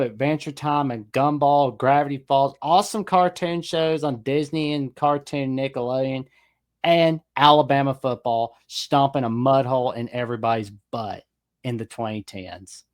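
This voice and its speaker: A man's voice: medium pitch, normal speed. A man co-hosting a casual sports chat, enthusiastic and rambling, with lots of "like" and "man". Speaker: podcast co-host.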